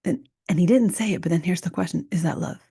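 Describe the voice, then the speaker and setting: Soft gravelly-voiced woman musing half-whispered. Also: lowish voice, quick pace, no echo, clean studio sound. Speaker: podcast host. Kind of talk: reflective solo podcast talk.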